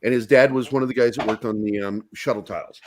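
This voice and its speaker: A man co-hosting a podcast, telling a crude high-school story in a profane, animated way. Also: fast, slight background noise. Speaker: podcast co-host. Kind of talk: casual storytelling chat.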